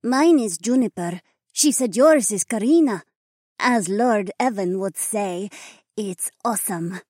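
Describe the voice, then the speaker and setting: Brief: male narrator putting on a cheerful young woman, high and slightly husky, dry close sound. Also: animated, a little slow, darkish tone, no echo. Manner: breezy, grinning.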